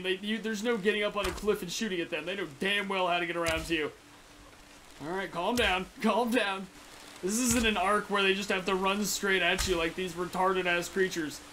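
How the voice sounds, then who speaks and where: Excitable young man with a bright voice. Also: sits high, a little hiss or hum. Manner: excitable, swearing, yelps and shouts at sudden danger; chatty rambling to animals in the game. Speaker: gaming channel host. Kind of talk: Let's Play commentary.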